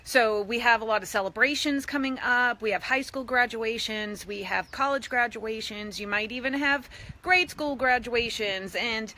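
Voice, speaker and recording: Bright, chatty raised woman. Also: a little high, normal speed. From East Boston, USA. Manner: chatty, with playful voiced asides. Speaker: fitness coach. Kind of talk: live social media video.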